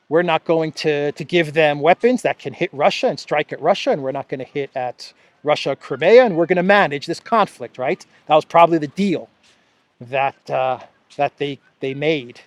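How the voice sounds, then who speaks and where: A man with a New York accent hosting an animated political commentary vlog outdoors by the sea, often scoffing and laughing. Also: a little high, moderate pace, dry recording.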